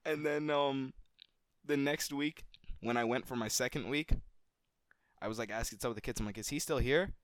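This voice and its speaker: A man co-hosting a podcast, telling a childhood story in a casual, animated way and swearing freely. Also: moderate pace, long pauses, no echo, clean studio sound. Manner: animated, gets louder and higher at the story's climax. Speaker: podcast co-host.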